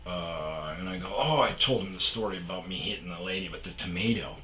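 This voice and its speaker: A man's voice: low-pitched, fairly quick, pushed and bright, echoey room, a little hiss or hum, rough recording. A man hosting his own podcast, telling a rambling casual story full of fillers and asides. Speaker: podcast host. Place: sparse room at home.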